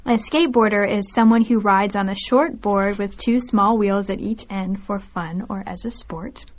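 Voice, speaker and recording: A woman's voice: medium pitch, moderate pace. Woman carefully explaining words, lo-fi. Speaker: co-host. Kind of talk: scripted learner podcast discussion. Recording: dull lo-fi recording.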